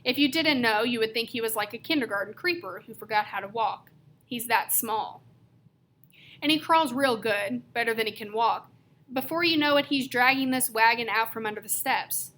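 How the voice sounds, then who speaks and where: Bright-voiced woman reading a novel aloud. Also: fairly high pitch, moderate pace, a little hiss or hum. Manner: lively storytelling with varied emphasis. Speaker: reader.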